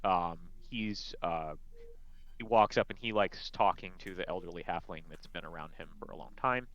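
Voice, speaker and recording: A man describing his character's actions in a tabletop game, halting with frequent ums and restarts. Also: deep voice, a bit bright, muffled recording. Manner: hesitant, many ums and restarts. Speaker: player.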